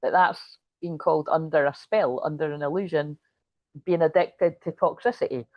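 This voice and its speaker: A middle-aged woman with a fairly low voice, talking through a tarot reading in a loose, rambling way. She giggles and swears, keeps wandering off on asides, and sounds tired. The audio is dull, lo-fi and dry. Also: fairly even intonation, normal speed, no room sound. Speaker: tarot reader. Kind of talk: casual tarot reading chat.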